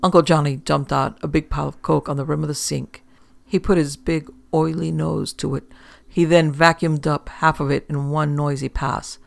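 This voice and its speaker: A man reading a first-person story aloud in a wry, deadpan manner. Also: fairly high pitch, moderate pace, creaky, no room sound. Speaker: audiobook narrator.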